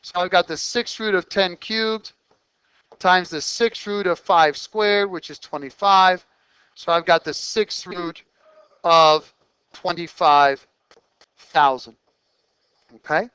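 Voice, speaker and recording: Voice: medium pitch, takes it slowly, pauses often, fairly bright tone, clean tone, no room sound, low-quality recording. A math teacher explaining problems step by step in a classroom lesson, checking in with the students through short questions as the explanation goes on.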